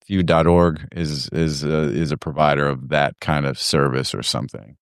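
A man's voice: rumbling low, steady tone, moderate pace, creaky, no room sound, clean studio sound. A man hosting a casual podcast chat, rambling with lots of fillers and easy laughs.

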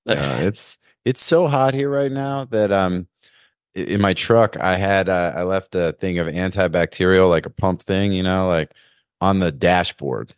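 A man's voice: deep voice, measured pace, clean tone, no echo, studio quality. A man hosting a casual video-call show, joking loosely with slang and lots of fillers. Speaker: podcast host. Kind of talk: casual chat. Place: Florida.

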